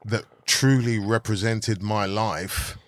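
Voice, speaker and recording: Male podcast guest, low voice and lively storytelling, dry close mic. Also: slow pace, no room sound. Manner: animated, acts out quoted voices. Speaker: actor guest. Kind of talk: casual chat, storytelling.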